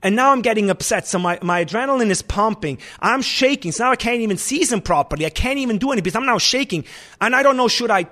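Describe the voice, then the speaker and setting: A man, a restaurant chef and owner, talking in an animated, emphatic way in a casual interview. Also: high voice, quick pace.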